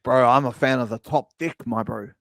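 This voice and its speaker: A man's voice: medium pitch, fairly quick, a bit bright, no room sound, studio quality. A New Zealand man in his thirties hosting a podcast, swearing freely and calling his guest bro. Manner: swears constantly, calls everyone bro. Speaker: podcast host. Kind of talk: casual podcast banter.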